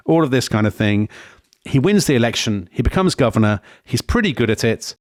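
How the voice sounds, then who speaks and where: A man co-hosting a history podcast, telling the story in a lively, digressive way with frequent self-corrections. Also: medium pitch, brisk, no room sound, studio quality. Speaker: podcast co-host.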